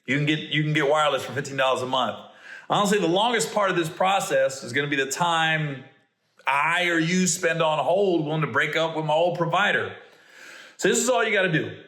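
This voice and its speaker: A middle-aged man, a comedian hosting a podcast, telling stories and reading ads in a playful, animated way with stammering restarts. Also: a little high, brisk. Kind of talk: casual storytelling and ad reads. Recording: roomy echo.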